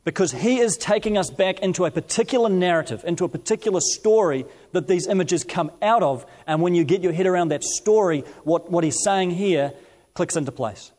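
Middle-aged male pastor, slightly raised pitch, measured sermon delivery with storytelling. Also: lively intonation, darkish tone. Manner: storytelling, measured scripture reading.

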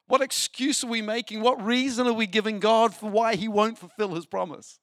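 Guy preaching, pretty high voice, lots of questions at the crowd, dry close sound. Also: fairly quick, hardly any pauses, no echo. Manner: animated preaching with rhetorical questions. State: short on sleep. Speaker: pastor. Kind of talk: sermon.

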